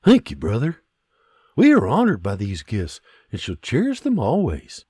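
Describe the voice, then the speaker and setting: A man's voice: medium pitch, wildly swooping pitch, normal speed, darkish tone, husky, no echo, clean studio sound. A man voicing a kindly colonial settler who speaks formally and politely. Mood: earnest.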